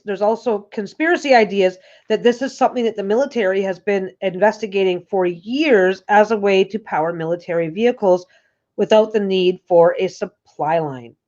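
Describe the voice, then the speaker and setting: This livestream host has a medium-pitched, slightly mellow voice as she chats casually from her home couch. Her talk rambles, with frequent sentence restarts, captured in dull lo-fi sound.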